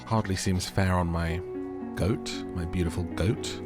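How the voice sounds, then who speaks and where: A man's voice: sits low, fairly even intonation, a little slow. A young man casually commenting while playing a cozy game, chatty and playful, easily delighted. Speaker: gaming video creator. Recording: game music behind.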